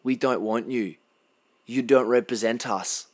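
An Australian man delivers blunt, impassioned commentary off the cuff, often halting and restarting his sentences. His voice is medium-pitched and his tone steady.

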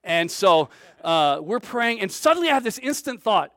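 Man with a high voice for his sex telling a lively story from the pulpit. He swings between loud bursts and near-quiet asides, acting out the voices of the people he quotes. The sound is dry and close, with no room echo. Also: moderate pace. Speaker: preacher. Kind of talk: storytelling sermon.

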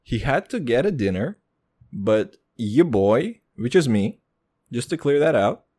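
Crude, rambling young man podcasting. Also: a little mellow. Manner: crude, rambling and joking, swears constantly, jumps in pitch for effect. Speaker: podcast host. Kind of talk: casual solo podcast rant.

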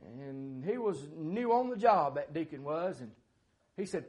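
This preacher speaks in a notably high voice for a man, and he tells his sermon story in a folksy, homespun way. He often stops for filler words and then pushes on. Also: big pitch swings, measured pace, darkish tone. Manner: folksy, plain-spoken, with many filler words.

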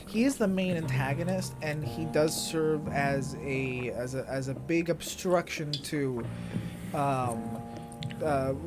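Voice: medium pitch, slow pace. Opinionated stammering speaker over music. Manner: opinionated, stammering restarts, swears. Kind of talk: casual chat.

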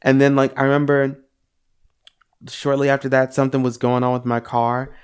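A young man co-hosting a podcast, telling personal stories in an animated, casual way with some swearing. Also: medium pitch, moderate pace, smooth. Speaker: podcast co-host. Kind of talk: casual chat.

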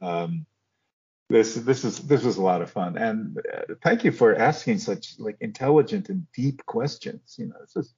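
A husky older man recalls moments from his acting career, slipping into the voices of people he quotes. He comes through a muffled, lo-fi remote line. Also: on the low side, moderate pace. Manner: animated storyteller, acts out quotes. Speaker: guest actor. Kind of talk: casual storytelling interview.

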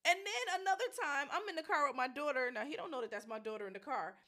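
A woman co-hosting a casual podcast chat, an animated storyteller who laughs often. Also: sits high, fast. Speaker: podcast co-host.

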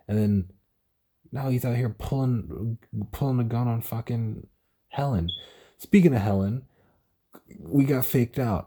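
This is a young male podcast host talking alone and casually about a TV show. His voice is low and mellow with a breathy edge, and he comes across as tired, stuttering and swearing while he rambles.

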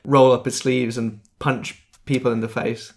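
A man co-hosting a podcast in casual chat reviewing a film, easygoing and quick with quips. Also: medium pitch, flat delivery, vocal fry. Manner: easygoing, adds details and quips. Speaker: podcast co-host.

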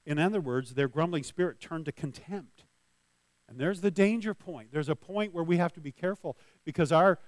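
A man's voice: a little high, no echo. Conversational male pastor preaching. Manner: conversational, with restarts and small laughs. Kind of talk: sermon.

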